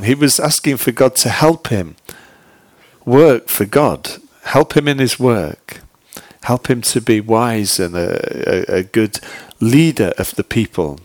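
A man preaching a sermon at a mid pitch, telling stories in a chatty, easygoing way and turning to his listeners with direct questions. His voice is close and dry, with no room echo around it. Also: takes it slowly. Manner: conversational storytelling with frequent "you know"; retells a joke in a relaxed way.

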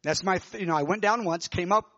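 High-pitched preacher guy telling his vision, all worked up, dull dry sound. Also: fast, no room sound. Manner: animated, emotional storytelling with many restarts. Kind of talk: sermon testimony, telling a vision.

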